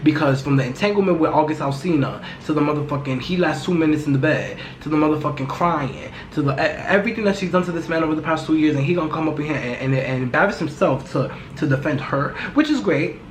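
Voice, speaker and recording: Woman, podcast host, loud, profane, gossipy, casual chat, echoey room, faint background noise. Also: deep voice, fast, hardly any pauses.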